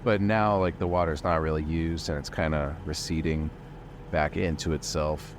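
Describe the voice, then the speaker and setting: Low-voiced man playing a game. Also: fairly even intonation, moderate pace, a little hiss or hum. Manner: casual, swearing, joking in character. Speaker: player. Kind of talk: improvised tabletop role-play.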